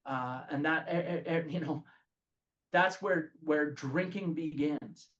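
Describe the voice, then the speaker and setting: Man, recovery study leader, fairly high voice, animated, dull lo-fi sound. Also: takes it slowly. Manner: animated, says "okay?" often. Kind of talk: lively group study talk.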